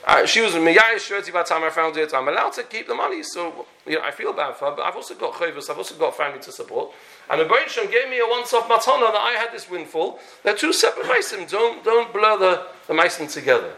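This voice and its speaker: Man, storytelling lecture, animated character voices, Yiddish and Hebrew terms, gravelly, fairly high. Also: fast talker. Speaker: Torah teacher.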